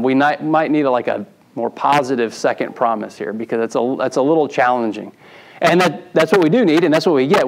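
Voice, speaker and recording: A man's voice: medium pitch, low-quality recording. A male pastor, preaching a sermon in a conversational way with restarts and emphatic repetition. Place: church sanctuary.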